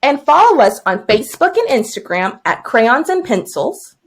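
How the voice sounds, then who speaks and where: A young woman teacher co-hosting a podcast, telling a story in casual chat and acting out her own yelling and thoughts. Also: sits high, very animated, moderate pace. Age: young adult.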